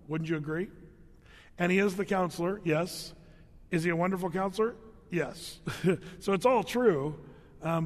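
A man's voice: high-pitched, in a large hall. A middle-aged man preaching a conversational sermon as pastor, with joking asides and repeated words.

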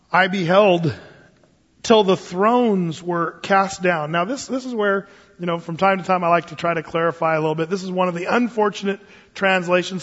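A man's voice: sits high, fairly bright tone. A man preaching a casual verse-by-verse Bible sermon, joking and digressing as he teaches. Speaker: pastor. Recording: dull sound with long reverb.

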